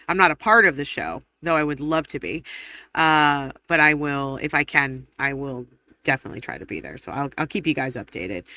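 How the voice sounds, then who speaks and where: A woman hosting a casual live stream, rambling through viewer comments with quick laughs and self-corrections. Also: low-pitched, bright, forceful tone, dry recording. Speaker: livestream host. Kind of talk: casual livestream chat, reading viewer comments aloud.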